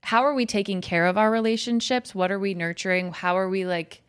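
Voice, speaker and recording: Woman co-host, mid pitch, bubbly and gushing. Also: fairly even intonation, fairly quick, clear, resonant tone. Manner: bubbly, enthusiastic. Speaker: podcast co-host. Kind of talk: casual podcast chat.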